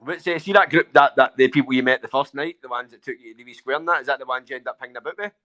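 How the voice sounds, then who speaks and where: Very fast-talking host. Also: male voice, mid-range voice, pushed and bright. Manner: chatty, uses innit and aye, short prompts. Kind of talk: casual live interview. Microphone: video call.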